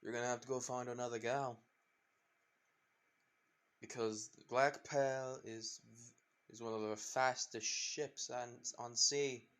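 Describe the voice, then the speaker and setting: A man's voice: mid-range voice, steady tone, measured pace, pauses often, fairly bright tone, lightly acted. A man voicing a roguish, swaggering male pirate captain with a drawling delivery in a fan-made story.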